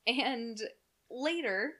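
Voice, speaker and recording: A woman's voice: a little high, animated, extremely slow, bright, forceful tone. A woman co-hosting a podcast, telling a true crime story in casual, profane, joking chat. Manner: chatty, profane, jokey storyteller.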